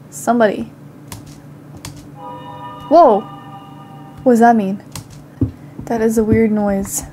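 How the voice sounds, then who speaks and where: A young female gaming channel host speaks in a fairly high, dark-toned voice with slight background noise behind her. She's somewhat sick, coughing occasionally, as she talks herself through casual gameplay and suddenly cries out in panic.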